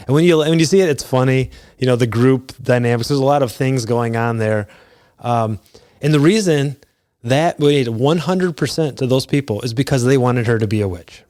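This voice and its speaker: A man in his forties hosting a podcast, talking casually and retelling scenes in bursts of higher pitch. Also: darkish tone, no echo, clean studio sound. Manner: conversational, retells scenes with quick pitch jumps. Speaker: podcast host. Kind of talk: casual solo talk.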